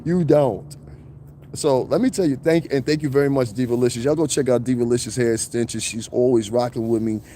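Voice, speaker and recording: New york dude ranting live outside in the snow, cussing, mellow voice, mid pitch. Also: male voice, fairly quick, slight background noise. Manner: animated, profane, slips into mocking impressions. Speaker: live-stream host. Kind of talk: casual live-stream rant. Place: outdoors in falling snow.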